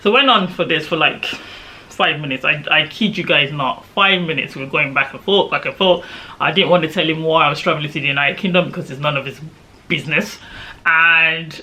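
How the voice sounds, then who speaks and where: A woman's voice: deep voice, moderate pace, pushed and bright. A woman, a vlogger animatedly retelling a travel story with emphatic, indignant asides. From Nigeria. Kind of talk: storytime vlog.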